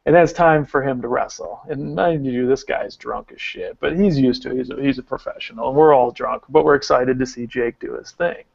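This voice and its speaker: Man, 30s, podcast co-host, gravelly voice, rambling excitable storytelling, dry muffled sound. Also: medium pitch, fairly quick, hardly any pauses, dry recording. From Arkansas. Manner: rambling, excitable, heavy use of "like". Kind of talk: casual storytelling.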